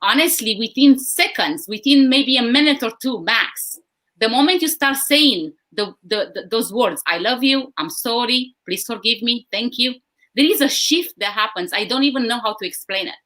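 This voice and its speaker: A woman's voice: a little high, expressive, normal speed, bright, forceful tone. A woman speaking earnestly in a live discussion, often repeating words as she thinks. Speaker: guest speaker.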